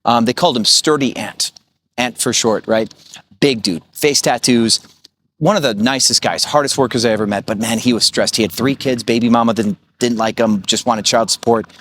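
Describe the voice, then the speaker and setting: A man's voice: mid-range voice, moderate pace, fairly bright tone, slight background noise. Blunt, cursing man telling stories. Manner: blunt, profane, storytelling with many fillers. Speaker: short-term rental business coach. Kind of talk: casual vlog monologue.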